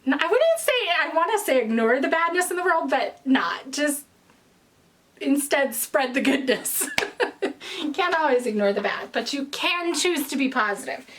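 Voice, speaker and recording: A woman's voice: sits high, animated, moderate pace, fairly bright tone. A young woman hosting her knitting video podcast, chatting casually and a little out of breath, rambling through tangents. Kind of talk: casual chat to camera.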